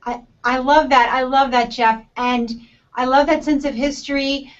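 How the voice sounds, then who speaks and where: A woman's voice: high voice, steady tone, moderate pace. A woman hosting an interview, asking friendly and encouraging questions. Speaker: interview host. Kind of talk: casual conversational interview. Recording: distant from the mic, lo-fi.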